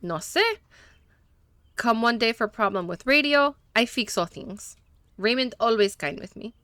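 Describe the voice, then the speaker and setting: A woman's voice: on the high side, big pitch swings, sharp tone, smooth, dry recording, exaggerated voice. A woman voicing a nervous small-town male mechanic in broken English with a mock Spanish accent. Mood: evasive. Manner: broken English, quick denials.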